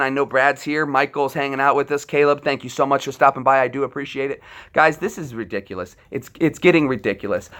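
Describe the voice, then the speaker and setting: A man's voice: on the high side, pushed and bright. Tense, fired-up male livestream ranter. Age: adult military veteran. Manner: impassioned, profane, rambling with restarts. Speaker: livestream host. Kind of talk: ranting livestream monologue.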